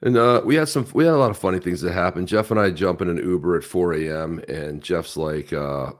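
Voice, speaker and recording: A man co-hosting a live podcast stream, chatting casually and acting out quotes in animated stories. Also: deep voice, fairly quick. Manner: animated storyteller, acts out quotes. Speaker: podcast co-host.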